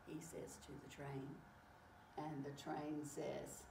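A woman reading a picture book aloud to children, exclaiming often in an animated way. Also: low voice, vocal fry, a little hiss or hum. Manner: animated, exclaiming, slow and warm-paced. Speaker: storyteller. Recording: echoey room, far from mic.

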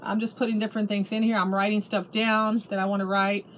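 A middle-aged woman at home gushes over a craft haul in a casual show-and-tell chat, often restarting her sentences. She talks fast in a mid-range, level, fairly bright voice, with slight background noise.

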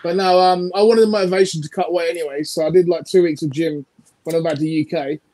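A man's voice: on the high side, fairly even intonation, fast talker, warm tone. A tired man, a guest on a live stream, talking brash, sweary trash. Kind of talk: casual live-stream chat.

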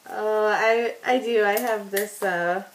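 A woman's voice: medium pitch, fairly even intonation, slow, slight background noise, low-quality recording. A woman chatting casually as she works on a scrapbook layout, joking about herself and laughing often. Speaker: scrapbooking vlogger. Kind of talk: casual talk while crafting.

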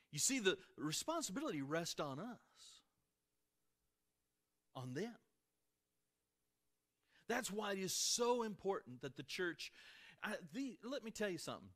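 Midwestern man, pastor mid-sermon; higher-pitched, highly animated, punchy highs and hushed asides. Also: a little slow, pauses often. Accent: American Midwest. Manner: animated, rising to emphatic peaks and dropping to soft asides. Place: church sanctuary before a congregation.

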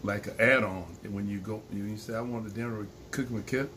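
This man talks fast in a fairly low voice while co-hosting a laid-back live-stream chat. He wanders off-topic, restarts frequently, and laughs often, with slight background noise in the recording.

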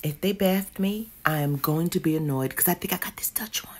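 In a casual candle-review vlog, a woman with a low-sitting voice speaks briskly. She's slangy and dramatic, cussing as she swings between quiet mutters and loud outbursts.

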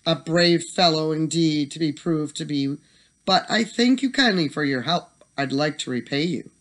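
A storyteller voicing a small excitable male leprechaun in a bedtime storybook reading, with a shrill, pleading then cheeky manner. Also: moderate pace, close to an everyday voice. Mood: sly.

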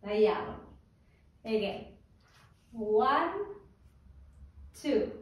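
A woman teaching a tango technique class, calmly talking students through an exercise, counting out the beats and checking in with "yes?". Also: fairly high pitch. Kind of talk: slow spoken dance class instruction. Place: dance studio. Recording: roomy, distant studio sound with faint noise.

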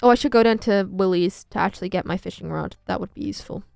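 A woman's voice: mid-range voice, fast talker, creaky, a little mellow, no echo, soft background music. A woman streaming a farming game, chatting casually and self-mockingly with her viewers. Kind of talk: casual gameplay commentary.

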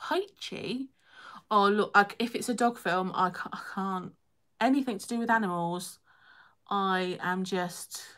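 A woman's voice: medium pitch, fairly bright tone. A young woman hosting a casual live stream, chatting and reading comments, laughing often and poking fun at herself.

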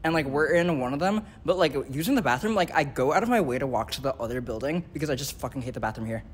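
A man's voice: medium pitch, animated, fast, a little hiss or hum. A young man, an art student, talking casually in a studio, rambling with lots of "like" and dry teasing. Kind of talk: casual chat.

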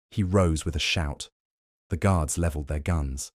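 A man narrating a science fiction short story as an audiobook, reading in a steady, even storytelling manner. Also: a bass voice, moderate pace, no room sound, clean studio sound. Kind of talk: scripted narration.

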